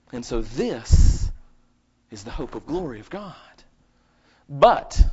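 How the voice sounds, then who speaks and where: A man preaching a live sermon at a church service, swinging between loud emphatic bursts and quiet asides and asking the congregation questions. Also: a little high, husky. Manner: asks the congregation rhetorical questions. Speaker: pastor. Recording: lo-fi dull recording.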